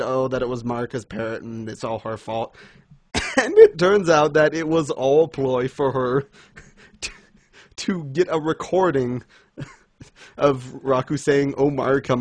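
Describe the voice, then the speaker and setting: A man's voice: mid-range voice, dry recording. A man chatting casually on a podcast, recapping a manga chapter with frequent laughter and enthusiasm. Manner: giggly, enthusiastic, laughs often while recapping. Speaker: podcast co-host. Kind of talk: casual manga review chat.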